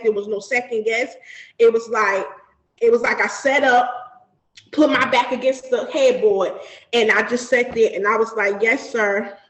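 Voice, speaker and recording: A woman telling a personal story in casual chat, animated and profane, acting out the voices of the people in it. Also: fairly high pitch, roomy sound, low-quality recording. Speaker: podcast guest.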